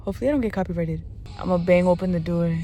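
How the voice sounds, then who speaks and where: A woman's voice: fairly low pitch, racing, mellow. A woman in her twenties chatting casually in a vlog, playful and slangy, often laughing, at her family's home at Christmas. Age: 20s. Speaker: vlogger. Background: background music.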